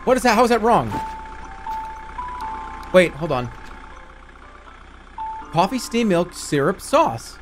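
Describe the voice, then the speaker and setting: A man in his thirties playing a video game, swearing and swinging between low mutters and excited yelps. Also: slow pace, long pauses, music in the background. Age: 30s. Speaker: streamer. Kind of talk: let's play commentary.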